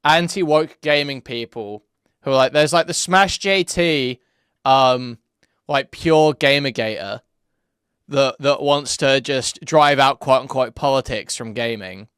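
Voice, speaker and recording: A man's voice: mid-range voice, measured pace, a bit bright, smooth, no echo, studio quality. A man hosting a live-stream commentary, sarcastic and rambling with lots of fillers.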